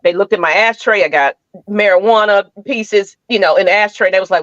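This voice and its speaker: Woman, podcast co-host, casual chat, animated storyteller, lo-fi sound. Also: medium pitch, fairly quick, no room sound. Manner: animated storyteller, acts out quotes. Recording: dull, dry lo-fi sound.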